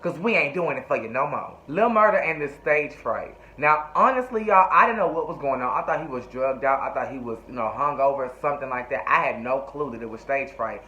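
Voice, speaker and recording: A man's voice: medium pitch, brisk, hardly any pauses, bright, forceful tone. A man casually recapping a TV show in a sassy, profane, chatty way. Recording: echoey room, dull lo-fi sound.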